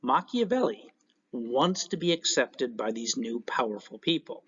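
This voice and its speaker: A man teaching a recorded class lecture in an animated way, with joking asides. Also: mid-range voice, unhurried, slightly rough. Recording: dull lo-fi recording.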